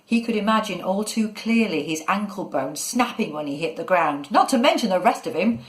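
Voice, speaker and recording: A woman narrating a children's story in a measured, expressive way. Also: mid-range voice. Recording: echoey room.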